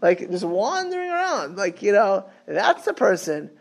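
A man's voice: high-pitched, sing-song, moderate pace, creaky. A man giving an informal Torah class, chatty and repetitive, dropping in Hebrew and Yiddish terms.

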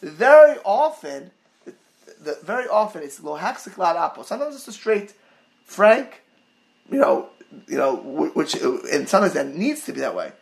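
High, gravelly-voiced man giving a Torah class. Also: moderate pace. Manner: animated storytelling, many restarts, rising to near-shouts; sprinkles Hebrew and Yiddish terms. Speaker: rabbi teaching a Torah class.

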